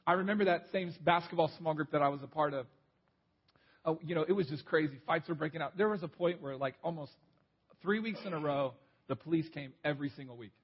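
A man preaching in a husky voice, set a little high for a man, with a dull lo-fi sound. He talks like he is chatting while telling stories, and he repeats his main points. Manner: conversational storytelling preacher, repeats key points. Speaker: pastor. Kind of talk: sermon.

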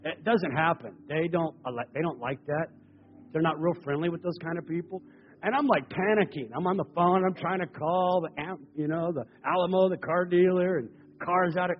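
A man preaching a sermon, telling stories in an animated way that swings between loud passages and hushed ones. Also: a little high, normal speed, big-room sound, highs cut off.

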